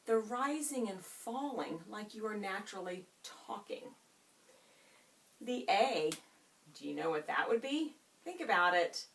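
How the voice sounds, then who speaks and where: A creaky, medium-pitched woman's voice, recorded from a distance by a camera in the room, guides students through reading. She questions them and draws out key words with an expressive, drawn-out delivery.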